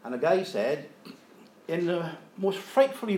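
A man preaching, who tells a joke and then reads scripture in a measured, unhurried way. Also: on the high side, animated, a little mellow, a little hiss or hum. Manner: measured, unhurried reading with throat clearing. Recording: echoey room.

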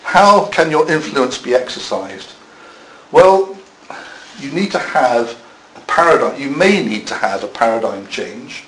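A man's voice: mid-range voice, very animated, measured pace, fairly bright tone, slight background noise, rough recording. A man preaching a sermon in a church, conversational, with self-deprecating asides.

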